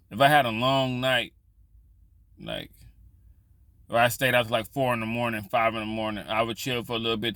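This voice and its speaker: A man's voice: mid-range voice, pushed and bright, no echo. A man vlogging in casual storytelling style, loose and profane, rambling with frequent restarts.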